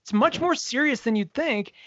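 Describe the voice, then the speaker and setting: A man co-hosting a casual podcast chat, animated, often acting out scenes in quoted voices. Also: extremely high pitch, moderate pace, no echo, dull audio. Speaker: podcast co-host.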